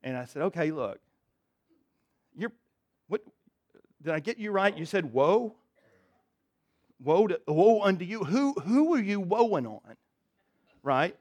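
A man's voice: sits high, very animated, slow, pauses often, a little mellow. A man preaching a sermon to his congregation in a church, in a conversational, folksy way with frequent restarts and asides. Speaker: pastor. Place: church sanctuary.

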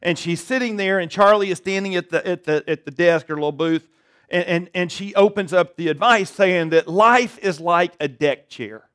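A man's voice: high voice, normal speed, fairly bright tone, clear, resonant tone. A man preaching a sermon to a church congregation, conversational and self-deprecating, often checking in with "right?". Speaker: pastor. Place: church service before a congregation.

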